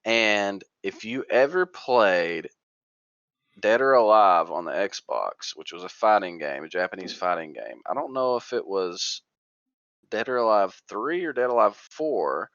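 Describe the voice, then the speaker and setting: A man's voice: on the low side, animated, measured pace, fairly bright tone, no echo, lo-fi sound. A man co-hosting a casual gaming podcast, rambling and restarting his sentences with fillers as he recaps. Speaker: podcast co-host.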